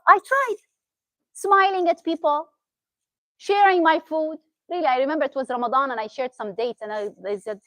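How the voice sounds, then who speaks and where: A woman's voice: high voice, very animated, brisk, a bit bright, no echo, low-quality recording. A woman from Syria with a Syrian Arabic accent, a therapist giving a chatty talk and often asking the audience questions. Arabic is her first language. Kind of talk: interactive motivational talk.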